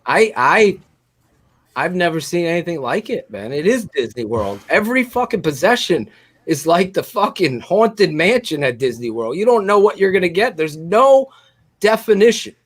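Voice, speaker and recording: A man co-hosting a live post-game show, ranting in a fiery, profane way and often shouting, on a video call. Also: sits high, sing-song, normal speed. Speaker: co-host.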